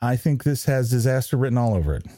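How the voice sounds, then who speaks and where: A man's voice: mid-range voice, sing-song, fast, warm tone, no room sound, clean studio sound. A man co-hosting a podcast, talking casually with a rambling, hesitant manner full of fillers and restarts. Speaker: podcast co-host. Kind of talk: casual chat.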